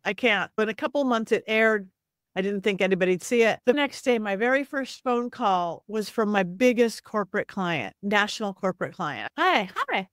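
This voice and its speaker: A woman psychic medium guest telling lively stories in a casual interview, often acting out the voices of people she quotes. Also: medium pitch, no room sound, clean studio sound. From Southern California. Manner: animated, acts out quoted voices, quick asides.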